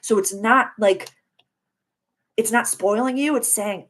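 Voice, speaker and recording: A woman's voice: on the high side, slow pace, long pauses, a bit bright. A woman in her thirties hosting a live astrology stream, speaking in an effusive, spiritual coaching manner and answering viewers.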